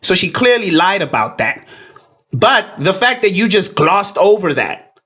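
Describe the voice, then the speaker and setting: A man's voice: sits high, sing-song, a little slow, bright, forceful tone, breathy edge. Blunt, incredulous man reacting to clips. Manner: blunt, incredulous, repeats himself. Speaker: reaction video host. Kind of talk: casual commentary.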